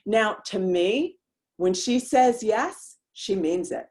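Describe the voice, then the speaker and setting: A woman's voice: medium pitch, expressive, slow pace, darkish tone. A woman host coaching women in a motivational talk, speaking emphatically and directly with casual slang.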